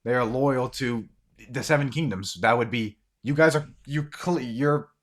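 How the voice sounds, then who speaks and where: A man voicing a confident noblewoman who explains things briskly. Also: mid-range voice, pitched above the performer's own voice, natural voice. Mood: assured.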